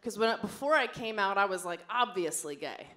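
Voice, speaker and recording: With a mid-range, slightly bright voice and lively intonation, a young woman speaks at normal speed through a brash, bawdy stand-up set. She acts out quotes in her stories on a large club stage, recorded live with audience noise.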